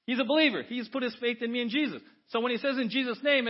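A man preaching a sermon as pastor, animated, swinging from hushed asides to loud exclamations. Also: very high voice, fast, few pauses, dull audio. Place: church sanctuary.

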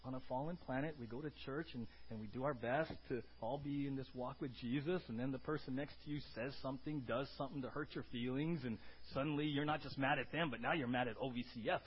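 A man preaching a sermon as pastor, moving from quiet, conversational talk to loud, shouted exclamations. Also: medium pitch, fast, few pauses, breathy edge, lo-fi sound.

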